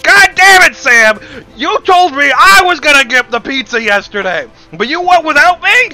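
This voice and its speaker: A man voicing an irate elderly brother who yells and blames, in a shrill, shouting voice. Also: big pitch swings, normal speed, soft background music, heavily acted. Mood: furious. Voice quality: shrill, yelling.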